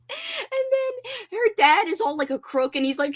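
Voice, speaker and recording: A woman's voice: very high-pitched, very animated, measured pace. A woman hosting a casual livestream chat, giggling and acting out lines from a book she is reading. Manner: chatty, giggly, acts out book characters. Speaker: host.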